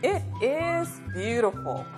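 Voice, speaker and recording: An actress playing a friendly woman showing her friend's house, speaking with careful, clear enunciation in a scripted language lesson. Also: sits high, big pitch swings, takes it slowly, exaggerated voice. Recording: music playing under the voice.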